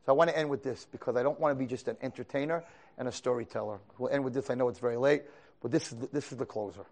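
A man giving a storytelling lecture as a rabbi, animated, moving between quiet asides and loud dramatic peaks. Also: medium pitch, rapid-fire. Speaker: rabbi teaching a class.

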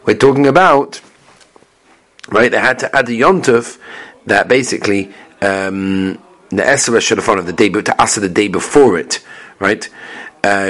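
Animated man teaching Talmud. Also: on the low side. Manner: chants Aramaic text then explains in English, questions and answers himself. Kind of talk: Talmud class, reading and explaining Gemara.

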